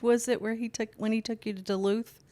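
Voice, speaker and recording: A woman's voice: fairly high pitch, flat delivery, mellow. An older woman, the host's mother, telling family stories in a casual chat and laughing along. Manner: slow, laughing anecdotes. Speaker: podcast guest, host's mother.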